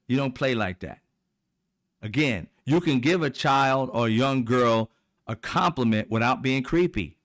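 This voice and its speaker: A man's voice: mid-range voice, normal speed, fairly bright tone. A middle-aged man, hosting heated political commentary in a blunt, profane, mocking way. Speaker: commentary channel host.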